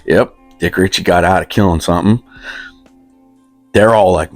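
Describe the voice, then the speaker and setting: Man, fifties, deep-pitched, rambling, self-deprecating, comic country storytelling. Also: moderate pace, long pauses, no echo, faint music behind. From West Virginia, USA. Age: 50s. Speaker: comedic storyteller.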